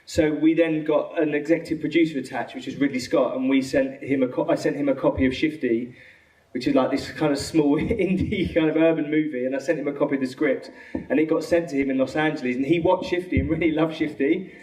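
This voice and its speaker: A film director answers audience questions in a London accent, and the man speaks in a quick, rambling stream that keeps looping back on itself. He sits well away from the microphone, so his voice carries the reverb of a large cinema hall. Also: a little high, steady tone, a little mellow. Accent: London English. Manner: fast, rambling, full of restarts and quoted dialogue. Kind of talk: Q&A answers after a screening. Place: cinema auditorium. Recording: echoey hall from far off.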